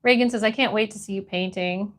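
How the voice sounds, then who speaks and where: With a mid-range voice and a fairly quick pace, a Florida woman hosts a casual livestream. She paints while reading viewer messages aloud and answering them.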